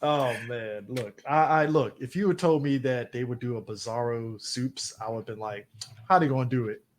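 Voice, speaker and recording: A man's voice: medium pitch, normal speed. A man co-hosting a casual comic-book podcast, rambling through stories and acting out what people said. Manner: rambling storytelling, acting out quoted voices. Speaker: podcast co-host. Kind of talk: casual chat.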